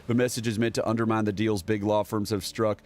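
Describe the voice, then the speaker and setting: Sarcastic low-voiced male political streamer. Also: little pitch movement, a little fast, darkish tone. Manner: sarcastic, rambling, reads headlines aloud. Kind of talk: casual political commentary.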